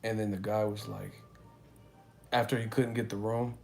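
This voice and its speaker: A man's voice: lowish voice, flat delivery, normal speed, creaky, faint music behind. A man hosting a live boxing talk stream from a hotel room, speaking in a loose, profane, rambling way as he tells stories. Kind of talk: casual live-stream chat.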